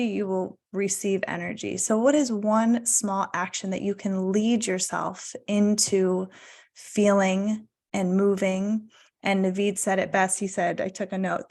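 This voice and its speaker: Woman, 30s, wellness coach, soft encouraging delivery, drawn-out emphasis, video call audio. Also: mid-range voice. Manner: gentle, encouraging, drawn-out emphasis on key words. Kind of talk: guided mindfulness talk on a video call.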